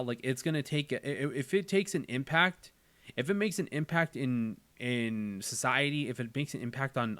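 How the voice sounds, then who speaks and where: A man's voice: mid-range voice, a bit bright, no room sound. A man hosting a casual chat, talking earnestly and repeating phrases as he works through his thoughts. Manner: earnest, repeats phrases while thinking aloud. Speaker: channel host.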